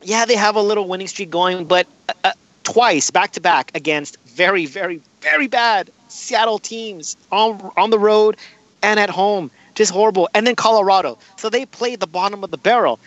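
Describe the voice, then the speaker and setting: A man hosting a casual sports podcast, animated and quick to laugh, stressing words by repeating them. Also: sits high, no echo, dull audio. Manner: animated, laughing, repetitive emphasis. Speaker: podcast host.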